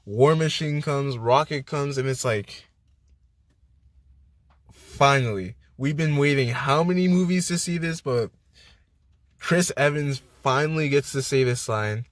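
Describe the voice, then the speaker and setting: A young man giving a casual spoiler movie review, excitable, slangy and full of swearing. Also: medium pitch, measured pace, no room sound. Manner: hyped, profane, slangy storytelling.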